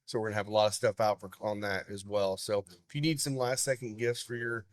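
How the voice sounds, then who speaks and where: A man's voice: fairly low pitch, steady tone, quick pace, no echo, clean studio sound. A man co-hosting a casual podcast, easygoing and loose, restarting his sentences. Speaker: podcast co-host. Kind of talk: casual chat.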